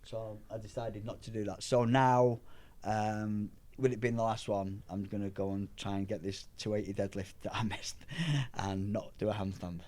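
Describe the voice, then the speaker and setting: A middle-aged man, a powerlifter guest telling rambling, animated anecdotes in casual chat. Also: lowish voice, moderate pace, few pauses. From England.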